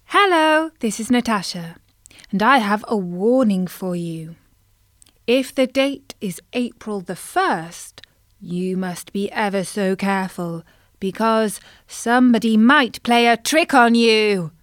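A woman telling a children's story in a playful, expressive way. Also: mid-range voice, slow pace, dry recording.

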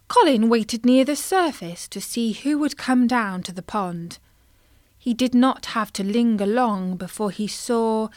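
A woman telling a children's story in a playful, expressive way. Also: fairly high pitch, no room sound.

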